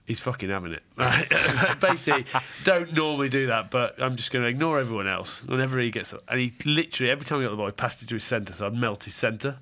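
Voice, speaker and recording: A man's voice: medium pitch, fast talker, hardly any pauses, pushed and bright. An English man in casual podcast chat, telling anecdotes with frequent laughs and acted quotes. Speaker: podcast co-host.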